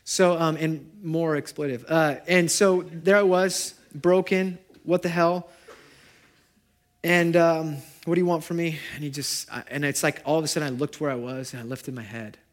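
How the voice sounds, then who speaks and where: Man preaching, swinging loud to hushed. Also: a little high, moderate pace. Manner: animated, shifts from loud to hushed. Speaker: pastor. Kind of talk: sermon. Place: church gathering.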